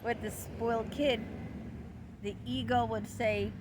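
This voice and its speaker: Woman psychology teacher, casual lesson, slow, animated, outdoor traffic noise. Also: on the high side. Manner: chatty, playful, repeats and restarts.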